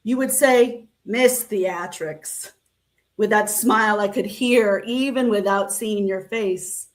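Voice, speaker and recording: Slow, measured woman reading poetry. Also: medium pitch. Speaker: poet. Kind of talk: spoken word poetry reading.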